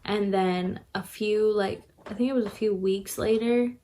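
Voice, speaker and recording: A woman's voice: medium pitch, steady tone, a little slow, dark tone, slight background noise. A woman giving a casual book review, chatting as she retells the story and acting out the characters' lines.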